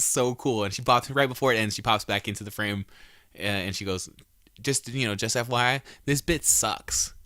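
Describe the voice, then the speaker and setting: A man's voice: lowish voice, pushed and bright, smooth, no room sound, clean studio sound. A man hosting a podcast, recapping wrestling shows in a rambling, profane, casual way with many restarts. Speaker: podcast host.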